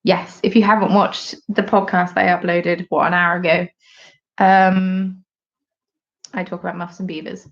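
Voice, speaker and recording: A woman's voice: on the low side, little pitch movement, normal speed, lo-fi sound. Chatty woman knitting on a live stream. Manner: chatty and rambling, reading out viewer comments; knitting while she talks. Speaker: host of a knitting podcast. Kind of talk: casual live-stream chat. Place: at home.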